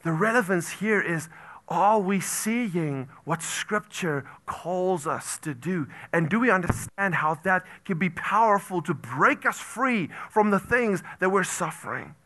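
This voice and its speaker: Man, pastor, sermon, bright tone, slightly high pitch, repeats phrases for emphasis. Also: a little slow. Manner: animated, swings from loud exclamations to hushed near-whispers.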